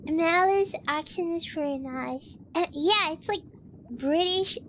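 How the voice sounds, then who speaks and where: A woman with an extremely high, cutesy voice chats through a livestream, unhurried and drawn out. She rambles, leans on "like" fillers and coughs often between thoughts. There is a faint hiss of noise behind her. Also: fairly bright tone. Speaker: streamer. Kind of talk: casual livestream chat.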